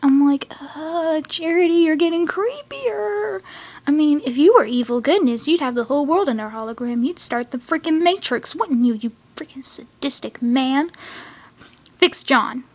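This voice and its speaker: A young woman rambling excitedly about a cartoon episode, acting out the characters with sudden high cries. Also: normal speed.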